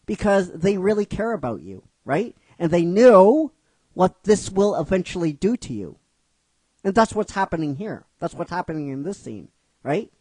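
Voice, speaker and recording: A man's voice: high voice, sing-song, moderate pace, darkish tone, dry recording. A man telling and explaining the story of his own fan script in a casual, rhetorical way, repeating himself. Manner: rhetorical, keeps asking "right?", repeats himself.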